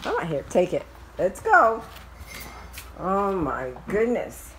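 A woman vlogging outdoors in a yard, talking to her dog in high sing-song baby talk. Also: very animated, slow pace, noisy background.

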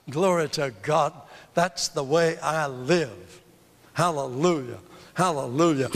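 An older man preaching a sermon, emphatic and drawn out, with big swings in pitch. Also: expressive, slow, fairly bright tone. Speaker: evangelist preacher. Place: church. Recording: long hall reverb from a church.

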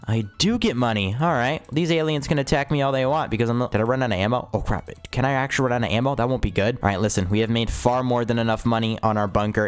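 A young man hosting a gaming video, excitable and exclamatory, talking straight to his viewers. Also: lowish voice, clear, resonant tone. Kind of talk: game commentary.

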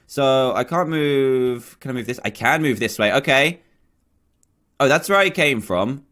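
A man's voice: mid-range voice, animated, measured pace, a bit bright. A man hosting a gaming video, giving jumpy let's-play commentary, exclaiming often and talking to the game's characters.

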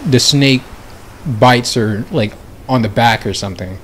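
A man's voice: mid-range voice, a little slow, slight background noise. A man narrating a casual roleplay story, laughing often and rambling loosely. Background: background music.

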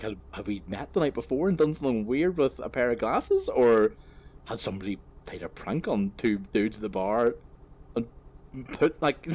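Rambling, swearing truck driver. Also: male voice, medium pitch, a little mellow. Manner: swearing, self-mocking, rambling with many fillers. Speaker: vlogger driving a truck. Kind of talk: rambling casual storytelling while driving. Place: inside a truck cab on the road.

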